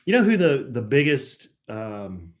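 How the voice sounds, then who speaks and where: Give me a jokey male stream host with a middle-pitched voice who rambles while greeting viewers. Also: big pitch swings, measured pace. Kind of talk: casual chat greeting viewers.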